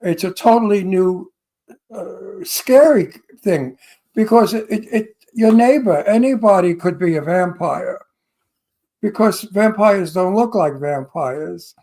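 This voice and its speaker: Brash high-voiced Brooklyn man. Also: expressive, slow pace, warm tone, rough recording. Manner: boisterous, brash, emphatic. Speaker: co-host. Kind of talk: casual radio interview chat.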